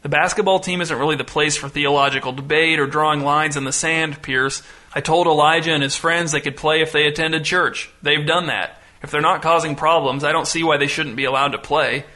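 A man voicing a mild pastor who speaks calmly and reasonably, as part of a storybook reading. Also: fairly high pitch, brisk. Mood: patient. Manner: calm, reasonable. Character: mild, patient male church pastor.

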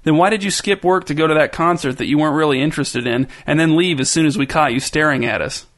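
A man's voice: a little high, fast, a bit bright. A man voicing a smug, knowing teenage girl in a storybook reading, teasing in a sing-song way. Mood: accusing.

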